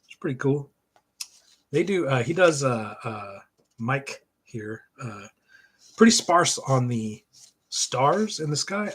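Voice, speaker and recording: A man's voice: medium pitch, a bit bright, a little hiss or hum. A middle-aged man casually chatting about a comic book, rambling and joking, with lots of fillers. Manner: rambling and joking, with frequent fillers, laughing at himself. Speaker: comic reviewer and host. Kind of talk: casual comic review chat.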